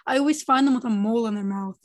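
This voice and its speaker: A young woman in casual chat, reacting quickly and talking in an animated way with lots of "like". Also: a little high. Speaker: podcast co-host.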